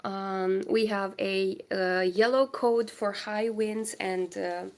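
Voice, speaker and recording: A young woman from Moldova, who has a cold, chats casually from home with viewers of her crochet livestream, greeting them in a chatty, distracted way. Her voice is medium-pitched, slow, and fairly even in intonation.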